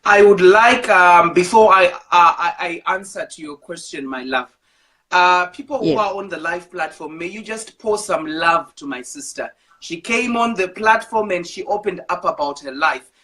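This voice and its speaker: A woman's voice: lowish voice, animated, moderate pace, a bit bright. Woman, live talk show host, affectionate, encouraging, reads out viewer comments. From Zimbabwe.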